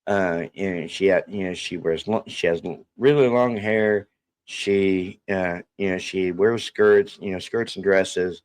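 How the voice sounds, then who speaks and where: A middle-aged man telling stories in a halting, rambling way, restarting his sentences often. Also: low voice, fairly even intonation. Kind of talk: casual storytelling chat.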